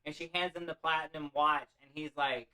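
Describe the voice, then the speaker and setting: A man's voice: fairly high pitch, steady tone, brisk, pushed and bright, low-quality recording. A man casually retelling a classic story as comedy, rambling, offhand and profane. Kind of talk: loose comic retelling of a classic.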